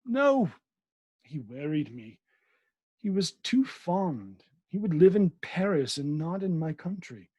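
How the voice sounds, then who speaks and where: A man reading aloud, voicing a calm, cooing, melancholy French actress in a soft, unhurried way and without a French accent. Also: on the high side, slightly rough, dry recording, muffled recording, pitched above the performer's own voice, full character voice. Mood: cool, cooing.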